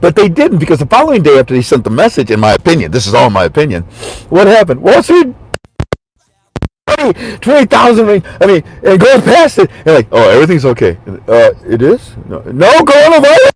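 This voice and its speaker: A man giving rambling political commentary to his viewers, animated and jumping between mock voices and asides. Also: high voice, fairly quick, a little hiss or hum. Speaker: commentary vlogger.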